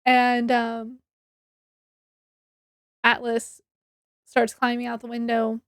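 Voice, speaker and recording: A woman's voice: on the high side, completely flat delivery, slow, fairly bright tone, no room sound, studio quality. A young woman reviewing a book in a casual chat, rambling and correcting herself, with frequent giggles.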